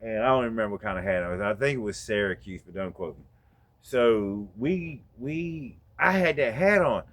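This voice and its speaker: Laid-back, profane man telling a story. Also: mid-range voice. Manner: profane, laid-back, animated when retelling. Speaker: podcast host. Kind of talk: casual storytelling.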